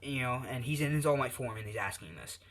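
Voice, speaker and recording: A man improvises a fan story in a loose, rambling way, padding it with fillers as he thinks. His voice is bright and forceful, at a middle pitch, recorded on a tablet. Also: quick pace, a little hiss or hum.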